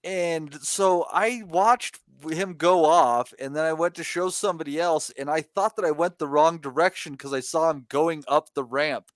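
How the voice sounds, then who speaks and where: Brief: male co-host, high voice, dry sound, stumbling anecdote. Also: normal speed, few pauses, dry recording. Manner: rambling, stumbling, laughing. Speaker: podcast co-host. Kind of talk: casual storytelling.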